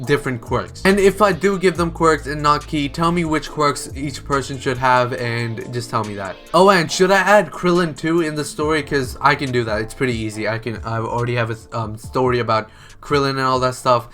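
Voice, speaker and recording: A man's voice: mid-range voice, normal speed, a bit bright, soft background music. A man telling an improvised fan story in a chatty, rambling way, full of "like" and "um". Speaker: storyteller, channel host.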